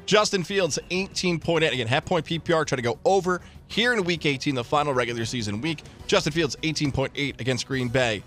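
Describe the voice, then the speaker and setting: A man's voice: a little high, a little fast, few pauses, a bit bright, soft background music. A man hosting a sports radio show, listing fantasy picks and reading an upbeat event promo. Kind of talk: sports talk and promo read.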